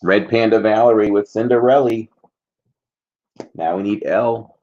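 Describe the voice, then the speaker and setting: A man's voice: lowish voice, measured pace, dark tone, highs cut off. A man hosting a casual trivia livestream, chatty and jokey, rambling between questions.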